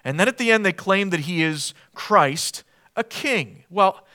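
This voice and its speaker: An earnest male preacher delivers a verse-by-verse sermon, his voice pitched high and bright with a forceful edge. He leans hard on emphasis and keeps throwing rhetorical questions at his listeners. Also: expressive, measured pace. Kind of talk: expository sermon.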